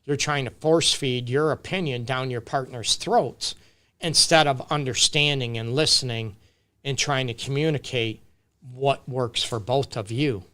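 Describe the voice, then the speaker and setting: During a casual live-stream Q&A, a man counsels people on relationships in a medium-pitched, bright, forceful voice at an unhurried pace. He speaks off the cuff and loosely, with restarts and fillers, often checking in with "right?" and "you get me?"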